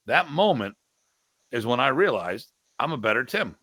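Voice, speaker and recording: A middle-aged martial arts instructor speaks at a normal speed in a mid-range voice, with no echo. On a casual podcast he spins animated stories, often imitating other people's voices.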